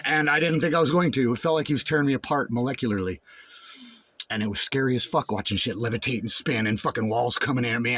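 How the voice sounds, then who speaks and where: A male vlogger talks straight to camera in a raw, personal rant packed with swearing, his voice carrying a breathy edge. The intensity swings from low and brooding up to outright shouts.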